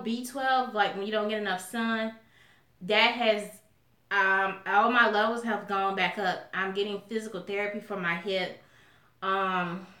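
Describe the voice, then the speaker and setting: A woman from Alabama with a Southern accent, chatting casually and sassily to her viewers in a vlog. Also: medium pitch. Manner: chatty, sassy, animated, calls viewers y'all. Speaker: mukbang vlogger. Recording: echoey room.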